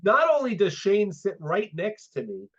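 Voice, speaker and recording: Lively storytelling man, dull lo-fi audio. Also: high-pitched, moderate pace, breathy edge. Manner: animated storyteller, acts out quoted dialogue. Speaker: guest sport psychologist. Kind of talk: casual interview storytelling.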